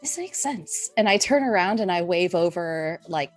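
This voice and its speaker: A woman's voice: on the low side, moderate pace, faint music behind. A woman playing a tabletop game, describing her character's actions with giggles. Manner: giggly, lively. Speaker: player.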